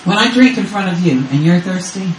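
A woman's voice: on the low side, expressive, a little fast, recorded from a distance, slight background noise. A woman in her fifties from Texas, a grandmother, preaching a sermon as guest speaker with urgent, repetitive call-and-response. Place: church service. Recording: roomy church sound from off-mic.

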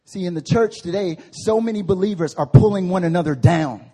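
A man preaching a sermon as pastor, lively, with playful voiced asides and big swings from loud to hushed. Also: sits high, a little fast. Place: church service.

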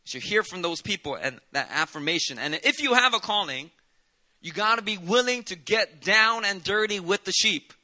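With a high, sharp voice and lively intonation, the pastor keeps up a moderate pace through his sermon. He talks in an easygoing, conversational way, full of dramatic side remarks and Southern "y'all."

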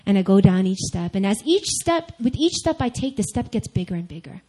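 A young adult woman giving a sermon-style personal testimony, candid and animated, speaking straight to her listeners. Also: medium pitch, a little fast, poor audio.

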